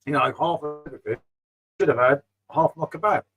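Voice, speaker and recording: A middle-aged man talks loosely and chattily, drifting from topic to topic. His voice sits a little higher than most men's, and he keeps calling his listeners mate. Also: fairly quick, a bit bright, faint music behind, rough recording. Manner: rambling, chatty, calls viewers mate. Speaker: beer vlogger reading live chat. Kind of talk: casual live-stream chat.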